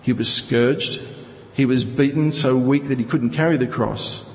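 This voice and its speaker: A male preacher gives a Bible teaching sermon, reading verses and explaining them through rhetorical questions. His medium-pitched voice is unhurried, and the rough recording was made in a large hall.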